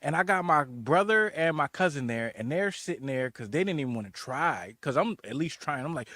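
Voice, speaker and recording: An American man who is a guest on a casual podcast, telling a travel story in a lively way and acting out the voices of the people in it. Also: a little high, fairly quick, few pauses, dry recording. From United States. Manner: animated storyteller, acts out voices in quotes.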